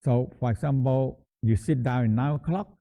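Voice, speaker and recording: A man guiding a meditation practice in a halting, repetitive teaching manner, often restating words as he explains. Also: mid-range voice, mellow. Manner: halting, repeats words, slow explanatory phrasing. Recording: tinny phone-like sound.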